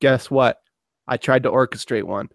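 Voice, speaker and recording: A man co-hosting a podcast, dropping short, crude deadpan interjections in casual chat. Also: mid-range voice, normal speed, creaky, no room sound, clean studio sound. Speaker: podcast co-host.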